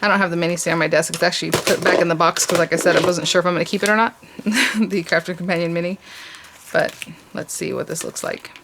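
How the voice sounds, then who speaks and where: A woman's voice: lowish voice, steady tone, quick pace, noisy background. A woman hosting a casual crafting tutorial, thinking aloud with frequent restarts and little laughs as she works at her desk. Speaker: crafting channel host.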